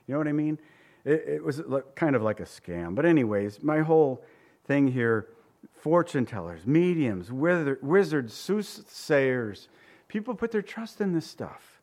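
A man's voice: a little high, animated, moderate pace, darkish tone. A man preaching a casual, joking sermon. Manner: conversational preaching with humorous anecdotes. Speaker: pastor.

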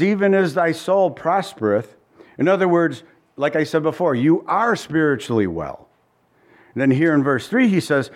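A man preaching a sermon as pastor, animated and asking the congregation many rhetorical questions, with passages of scripture read aloud. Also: a little high. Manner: reads scripture in old-fashioned wording.

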